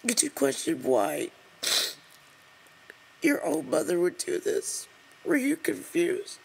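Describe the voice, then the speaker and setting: A woman reading an open letter aloud to the camera while crying, halting and breaking off to apologize. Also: fairly low pitch, big pitch swings, gravelly, darkish tone, a little hiss or hum, rough recording. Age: adult over 20. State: crying, tearful. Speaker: vlogger.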